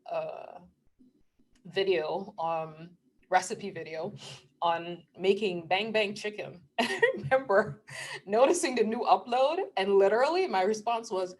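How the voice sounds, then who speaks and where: A middle-aged woman vlogger talking casually about spiritual matters, earnest and emotional, often laughing mid-sentence and sometimes dropping to a hushed near-whisper. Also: medium pitch, a little slow. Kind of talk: casual spiritual talk to camera.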